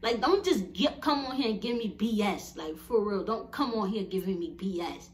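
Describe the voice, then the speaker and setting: A young woman vlogger chatting casually to her viewers, animated and blunt, laughing often as she tells stories. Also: mid-range voice, moderate pace.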